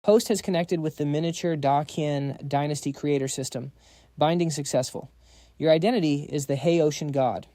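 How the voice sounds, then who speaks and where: A man voicing a cold robotic system voice that makes flat announcements. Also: a little high, normal speed, no echo, natural voice.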